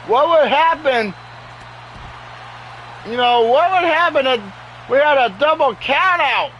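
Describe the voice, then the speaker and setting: A man giving excitable play-by-play commentary over a wrestling video game at home, often exclaiming in alarm. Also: extremely high pitch, slow, a little hiss or hum, rough recording. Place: home with sleeping dogs nearby.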